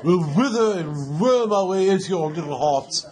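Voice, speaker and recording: A man's voice: sits high, expressive, normal speed, a little mellow. A man from Chicago chatting and joking with his partner in a casual home vlog, laughing often. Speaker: vlogger. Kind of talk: casual couple vlog chat.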